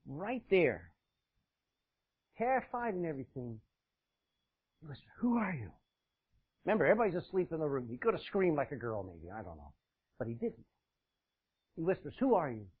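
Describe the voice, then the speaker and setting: A male pastor preaching a sermon, swinging between loud emphasis and hushed asides. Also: fairly high pitch, sing-song, a little fast, pauses often, slightly rough. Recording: dull, lo-fi sound.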